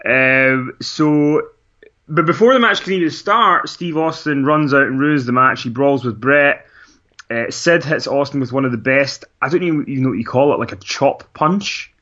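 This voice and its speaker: A man co-hosts a podcast, casually rambling through a wrestling recap with frequent laughs and restarts. His mid-range voice has a sharp tone and a moderate pace, and the lo-fi recording sounds dull.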